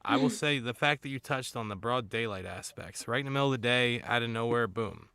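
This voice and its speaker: A laid-back man hosting a live stream and picking up on what viewers type in the chat. His voice is gravelly and bright, and it sounds dry and close to the microphone. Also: mid-range voice, a little fast, dry recording. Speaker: host.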